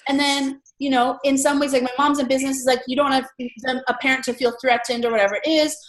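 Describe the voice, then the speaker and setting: A woman hosting an entrepreneur meetup, talking in a chatty, animated way with lots of fillers. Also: high-pitched, fast, roomy sound, rough recording. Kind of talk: casual group chat.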